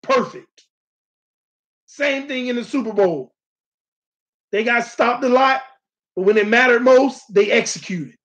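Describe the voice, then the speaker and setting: A man's voice: very high-pitched, measured pace, long pauses, a bit bright. A man hosting a casual live-stream sports talk show, talking animatedly and straight to his viewers. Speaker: sports channel host.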